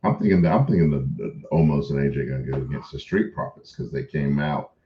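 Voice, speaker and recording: A man's voice: a bass voice, brisk, echoey room, highs cut off, slight background noise. A man co-hosting a casual wrestling chat, blunt and swearing freely. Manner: blunt and profane. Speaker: podcast co-host.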